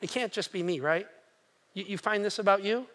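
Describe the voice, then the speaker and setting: This high-voiced male pastor speaks a little fast as he retells a story in his sermon, animating each character's voice and questioning the congregation directly.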